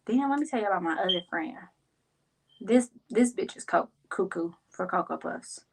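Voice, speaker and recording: A young woman from Kansas City chatting casually to her viewers, telling a story and acting out her friends' lines in a higher voice. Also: animated, moderate pace, slightly rough, poor audio. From Kansas City, Missouri. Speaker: vlogger. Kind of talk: casual storytelling while crafting.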